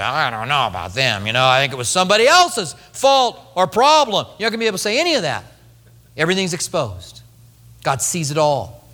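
A man's voice: fairly high pitch, a bit bright. A man in his fifties preaching a sermon, chatty and joking with the congregation. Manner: conversational, joking asides to the congregation. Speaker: pastor. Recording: echoey hall reverb.

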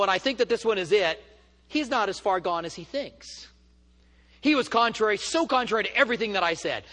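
With a high, slightly bright voice trailed by a long reverb tail, a man teaches a church study as a sermon. He tells stories in a preaching manner that turns emphatic and rises when he is stirred.

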